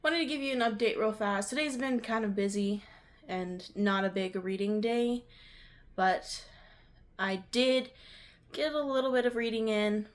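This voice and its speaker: A woman's voice: a little high, a little slow. A young woman, rambling casually at home about her books in a vlog, with lots of fillers. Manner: rambling, filler-heavy, chatty. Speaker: book vlogger.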